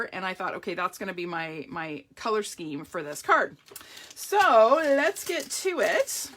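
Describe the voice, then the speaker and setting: A woman's voice: medium pitch, pushed and bright. A woman leading a live card-making demonstration, chatting to viewers with a catch in her throat. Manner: chatty, greets viewers by name. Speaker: papercraft demonstrator.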